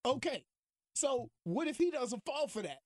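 A man's voice: very high-pitched, sing-song, a little slow, no echo, clean studio sound. A man cohosting a casual sports talk show, teasing the others and laughing often. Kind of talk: casual banter.

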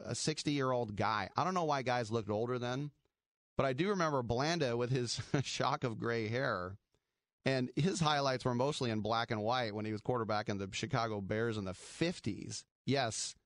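A man's voice: mid-range voice, dry recording, studio quality. Wry, chatty man on sports radio. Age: middle-aged. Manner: chatty, wry, rambling, laughs at his own jokes. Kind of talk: casual sports talk radio.

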